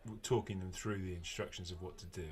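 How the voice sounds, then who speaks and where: Man, middle-aged, low voice, relaxed chatty podcast host, lots of ums. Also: quick pace. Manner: relaxed, chatty, with frequent fillers. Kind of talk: casual podcast chat.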